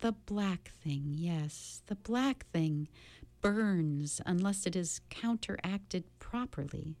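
A woman voicing a gentle, grave alien beast in a storybook, speaking slowly and searching for human words. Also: on the low side, expressive, no echo. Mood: grave, soothing. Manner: slow, measured, searching for words.

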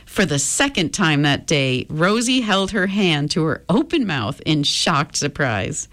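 A woman reading a children's chapter book aloud in a gentle, expressive storytelling manner. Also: low voice, a little slow.

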